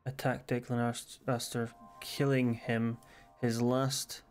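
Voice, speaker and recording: A man's voice: mid-range voice, level tone, takes it slowly, darkish tone, faint music behind. A Scottish man streaming a game live, joking crudely and reading game text aloud hesitantly. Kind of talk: casual live-stream commentary.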